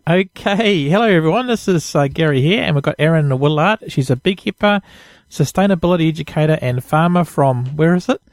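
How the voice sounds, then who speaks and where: A man's voice: on the high side, lively intonation, a little fast, soft background music. A man hosting a casual podcast interview, chatty and upbeat, from New Zealand. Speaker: podcast host.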